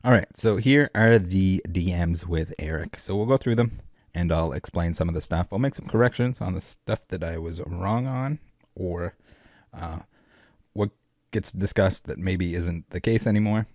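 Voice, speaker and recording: A man's voice: sits low, moderate pace, darkish tone, no room sound, studio quality. A man hosting a collectibles commentary vlog, rambling and sarcastic with many filler words. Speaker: collectibles channel host.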